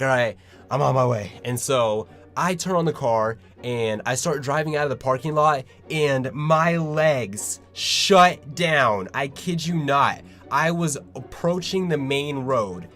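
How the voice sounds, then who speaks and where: Young man telling a rambling story. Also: medium pitch. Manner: rambling, excitable storytelling with swearing. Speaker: vlogger. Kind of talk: casual storytime vlog.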